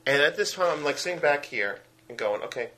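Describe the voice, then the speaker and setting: Animated ranting man with a Brooklyn accent. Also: fairly high pitch, a little fast. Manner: animated, ranting, acts out film characters in quotes. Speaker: podcast co-host. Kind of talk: casual film review chat.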